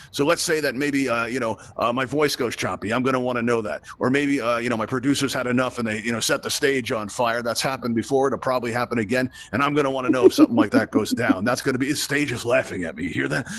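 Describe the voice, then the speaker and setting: Leading a live VR tutorial, this man from Brooklyn has a mid-range, fairly bright voice. He keeps things chatty and playful, regularly tossing "right?" to his audience.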